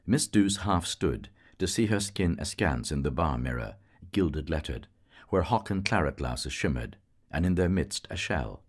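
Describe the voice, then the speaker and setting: Male audiobook narrator, very low voice with a wide, lively melody; reads lyrical prose. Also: unhurried, slightly rough. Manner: lyrical, musical reading with voiced characters. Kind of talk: literary audiobook reading.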